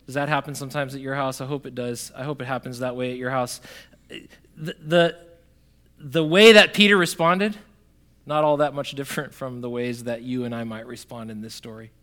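A man preaching a sermon, talking straight to the congregation, swinging from loud emphatic bursts to quiet, soft lines. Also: mid-range voice, fairly even intonation, brisk. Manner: conversational, addresses the congregation directly. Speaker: pastor.

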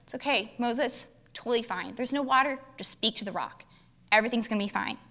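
A woman voicing God as a patient, gentle father figure, speaking softly and reassuringly. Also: fairly high pitch, a little fast, in a large hall. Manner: soft, reassuring, quiet.

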